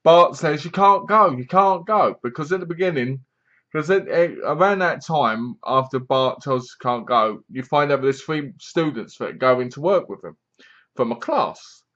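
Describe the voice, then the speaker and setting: A man's voice: medium pitch, expressive, moderate pace, fairly bright tone, muffled recording. A man casually reviewing a movie, rambling along, leaning on "basically" and correcting himself as he goes. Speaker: film reviewer.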